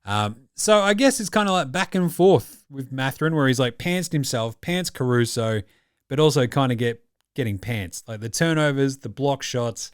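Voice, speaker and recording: A man's voice: medium pitch, expressive, moderate pace, clean tone, no echo, clean studio sound. An Australian man hosting a casual sports reaction podcast, talking in a blunt, jokey, profane way. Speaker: podcast host.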